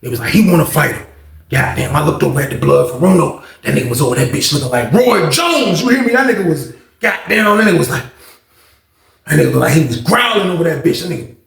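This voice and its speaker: A man hosting his own channel, telling a prison story in casual, animated slang and repeating points for emphasis. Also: a little high, quick pace, gravelly. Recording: roomy echo.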